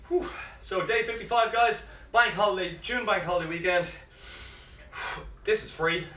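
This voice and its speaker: A man, out of breath, leading a live workout with energetic cues and chatty asides. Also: on the high side, a little hiss or hum. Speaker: fitness coach. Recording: echoey room, mic at a distance, faint music.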